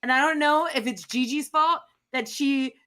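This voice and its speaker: A woman co-hosting a casual podcast, rambling on with sarcastic, profane asides. Her voice is somewhat high, with a bright, sharp edge. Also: moderate pace. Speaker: podcast co-host.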